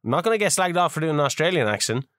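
A man's voice: a little high, very animated, very fast, a bit bright, no echo, clean studio sound. A man co-hosting a podcast, joking crudely and swearing often in casual banter. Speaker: podcast co-host. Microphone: studio microphone.

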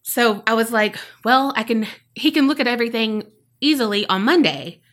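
A woman's voice: a little high, lively intonation, moderate pace, fairly bright tone. A woman, telling a personal story on a podcast and acting out her own past remarks. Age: 30s. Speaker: podcast co-host. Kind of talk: casual storytelling chat.

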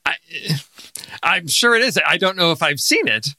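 A man co-hosting a film podcast, thinking aloud in an animated way. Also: high voice, normal speed, no echo. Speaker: podcast co-host. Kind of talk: casual chat.

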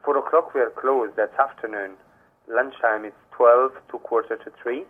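A man's voice: mid-range voice, fairly even intonation, moderate pace. A man working at a restaurant, taking a booking and patiently repeating his questions. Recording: tinny phone line.

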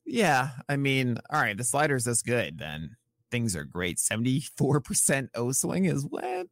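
Gravelly man talking baseball stats. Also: mid-range voice, huge pitch swings, measured pace, fairly bright tone. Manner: stat-heavy, loose, self-correcting. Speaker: podcast co-host. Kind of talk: casual podcast chat about pitching stats.

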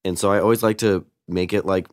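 A man's voice: low-pitched, steady tone, quick pace, no room sound, clean studio sound. A man chatting casually as a podcast guest, telling rambling stories full of "like". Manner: rambling storyteller, heavy use of "like". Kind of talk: casual chat.

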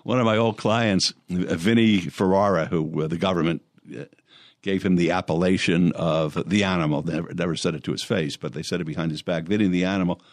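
An older man with a very deep voice, spinning long stories as an interview guest. He wanders through his tales, stopping often on "uh" and restarting his sentences. The sound is dry and close. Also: steady tone, fairly quick, no echo. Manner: rambling anecdotes with many fillers and restarts. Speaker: interview guest, former lawyer and mayor. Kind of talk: storytelling in conversation.

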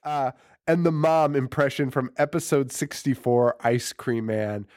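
A young man hosting a casual horror movie podcast, joking, swearing and laughing a lot. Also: medium pitch. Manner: animated, laughing, swearing, quick jokes. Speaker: podcast host.

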